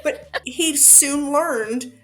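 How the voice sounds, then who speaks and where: A woman's voice: high voice, extremely slow, fairly bright tone, low-quality recording. A woman author as a podcast guest, telling her story expressively and acting out the voices of people in it. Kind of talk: podcast interview.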